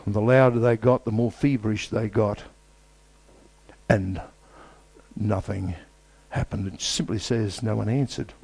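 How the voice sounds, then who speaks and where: Male preacher, low mellow voice, emphatic repetitive delivery with dramatic pauses. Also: steady tone, vocal fry, husky. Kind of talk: sermon.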